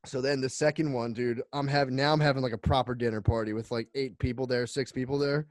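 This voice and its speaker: A man co-hosting a casual comedy podcast, rambling and laughing as he pitches a bit, acting out the voices. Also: fairly even intonation, fast, no echo, clean studio sound. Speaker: podcast co-host.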